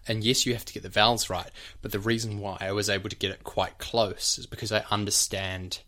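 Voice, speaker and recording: A man's voice: lowish voice, level tone, brisk, pushed and bright. A young man co-hosting a podcast. He explains at length in a casual chat, with many fillers like "like" and "you know". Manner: breaks off to demonstrate accent sounds. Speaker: podcast co-host, actor.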